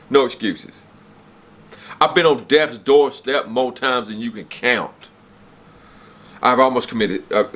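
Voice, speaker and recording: A forty-something man vlogging from a room in his house, preaching hard truths in a blunt, profane rant. His voice is tense and forceful, and he keeps stopping to apologize before he gets worked up again. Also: medium pitch. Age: 40s. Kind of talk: blunt unscripted rant to camera. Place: home, downstairs room.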